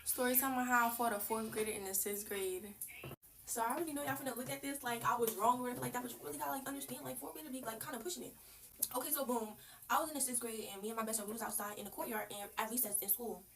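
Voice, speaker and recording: A young woman tells a story-time at a quick clip in a bright, raised voice. Her manner is slangy and blunt. The mic sits a little away from her, with a faint hiss underneath. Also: on the high side, distant mic. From New York. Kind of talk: casual story-time monologue.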